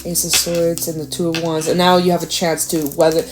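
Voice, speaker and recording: A woman giving a casual, chatty tarot reading, animated and talkative, now and then jumping into a high acting voice. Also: fairly quick, music in the background. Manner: chatty, animated, slips into squealy acted quotes. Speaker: tarot reader.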